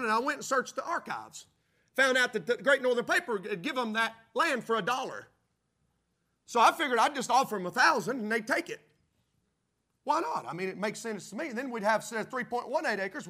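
A man's voice: extremely high pitch, pushed and bright. A man preaching a sermon, telling a folksy story and working up to fervent preaching. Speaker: pastor.

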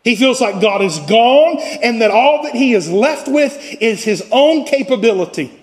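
A man's voice: very high-pitched, animated, moderate pace. A man preaching a sermon as pastor, his intensity swelling and dropping.

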